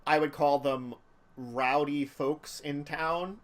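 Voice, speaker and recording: A man's voice: fairly high pitch, steady tone, slow pace. A man running a tabletop game, explaining things in easygoing asides. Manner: laughing, easygoing asides between scenes. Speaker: game master. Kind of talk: casual tabletop game chat.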